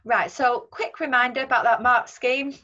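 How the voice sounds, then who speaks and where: A woman's voice: a little high, steady tone, normal speed, bright, forceful tone, highs cut off. Patient Northern English woman teacher. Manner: clear, patient explaining with frequent "um" and "right". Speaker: secondary school English teacher. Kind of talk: recorded remote lesson talk over slides.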